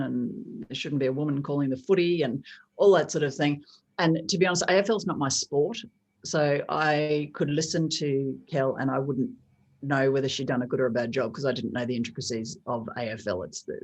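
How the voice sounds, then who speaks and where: A middle-aged woman with an Australian accent and a very deep voice, a sports presenter speaking in a measured, reflective way in a podcast interview.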